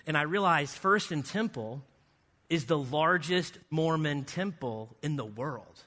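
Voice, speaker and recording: A man giving a guest sermon in a church, telling a lively story with playful asides. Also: on the high side, unhurried. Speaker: guest speaker. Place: church sanctuary. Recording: reverberant church hall.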